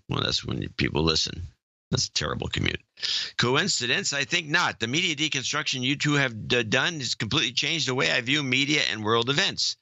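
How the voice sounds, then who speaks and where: A man's voice: lowish voice, sharp tone, dry recording, dull audio. An older man co-hosting a podcast, chatting casually and reading out listener notes in a dry, offhand way. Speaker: podcast co-host.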